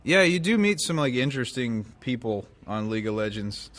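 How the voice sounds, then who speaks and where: A man's voice: mid-range voice, very animated, a little fast, fairly bright tone. A man co-hosting a podcast in casual chat, asking questions and laughing easily. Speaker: podcast co-host.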